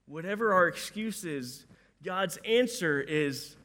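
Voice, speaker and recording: Guy preaching w a high voice, chatty, does little voices for quotes, repeats words a lot. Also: measured pace. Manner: conversational, animated, acts out quoted voices, repeats words when starting sentences. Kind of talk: sermon.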